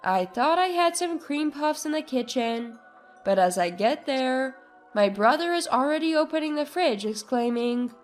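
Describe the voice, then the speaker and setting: A woman tells a first-person story in a high, clear voice, taking her time over every line. Faint music plays beneath her measured narration. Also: animated.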